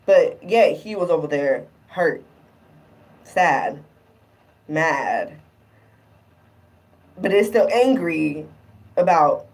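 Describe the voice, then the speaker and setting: Animated woman vlogger, a bit off-mic. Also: lowish voice, recorded from a distance, poor audio. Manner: animated, acts out quotes, swears freely. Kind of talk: casual storytelling vlog.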